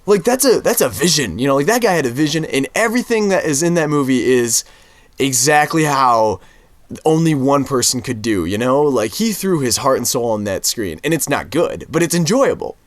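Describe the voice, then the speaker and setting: A young man co-hosting a podcast, talking fast and animatedly about movies with many "like" asides. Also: mid-range voice, no echo. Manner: animated, quick asides with lots of "like". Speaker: podcast co-host. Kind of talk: casual movie discussion.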